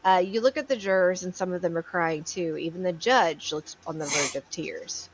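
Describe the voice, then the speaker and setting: A woman's voice: fairly low pitch, moderate pace, muffled recording, noisy background. A woman co-hosting a casual podcast, retelling a court case with a blunt manner and casual swearing. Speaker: co-host.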